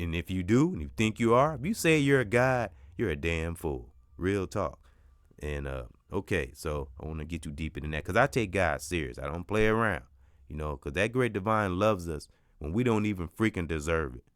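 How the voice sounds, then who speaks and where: A man's voice: deep voice, fairly bright tone, no echo, studio quality. A middle-aged man hosting a podcast, giving an emphatic, preachy spiritual pep talk that repeats its points and swears now and then. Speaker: podcast host.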